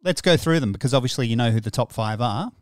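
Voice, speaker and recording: A man's voice: medium pitch, expressive, fast, dry recording, clean studio sound. A man hosting a casual interview, asking questions in a light, teasing way. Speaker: interviewer host.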